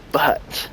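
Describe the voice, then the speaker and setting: A man's voice: a little high, fairly bright tone, a little hiss or hum, poor audio. A man telling a story in casual, profane chat, laughing often and acting out what people said. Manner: profane, laughs often, acts out quoted dialogue. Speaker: gaming channel host.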